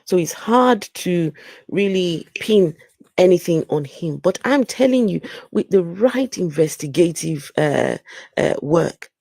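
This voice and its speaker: A woman hosting a casual livestream chat, animated and exclaiming as she reads viewer comments aloud. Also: low-pitched, creaky, no echo, studio quality. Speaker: channel host.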